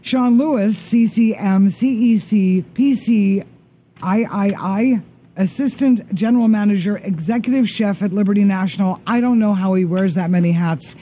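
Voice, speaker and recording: A middle-aged man hosting a show, chatting casually with a guest and reading out lists of names haltingly. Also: high-pitched, mellow. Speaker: show host. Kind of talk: casual interview chat.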